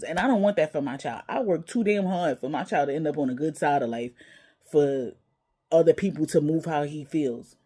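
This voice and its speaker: A woman's voice: low voice, normal speed, mellow, breathy edge. A mother vlogging, telling a personal story in a candid, emotional way and swearing casually.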